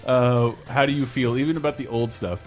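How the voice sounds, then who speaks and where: A man's voice: medium pitch, steady tone, brisk, faint music behind. A man hosting a podcast in casual chat, crude and joking, laughing often. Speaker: podcast host.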